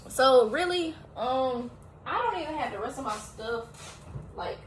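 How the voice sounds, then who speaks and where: A woman chatting casually as she cooks at home, tired and a little out of breath, talking at length with sudden loud exclamations. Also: high-pitched, unhurried, slight background noise. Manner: talkative, animated, often exclaiming. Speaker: home cooking vlogger. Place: home kitchen, indoors.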